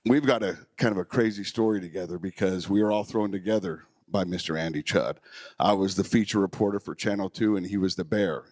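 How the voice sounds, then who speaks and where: A man speaks at a memorial, sharing personal stories with emotion and warmth. His voice sits low, and the sound is dry and close. He pauses with fillers as he goes. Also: no echo. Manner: emotional, warm storytelling with fillers. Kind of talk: heartfelt personal storytelling.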